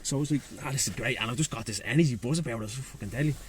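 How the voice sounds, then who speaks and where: A man's voice: mid-range voice, racing, slight background noise. Fired-up Dublin man swearing freely. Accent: Irish, Dublin. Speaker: guest, breathwork and sea-swim facilitator. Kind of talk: casual chat.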